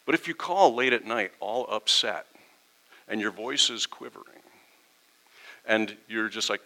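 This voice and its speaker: A middle-aged man preaching from the pulpit in a relaxed, conversational way. His voice sits a little low and has a very bright, forceful edge. He drops into quick little acted-out dialogues to make his points. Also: rough recording. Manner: conversational preaching, acts out quoted exchanges. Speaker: pastor. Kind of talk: sermon.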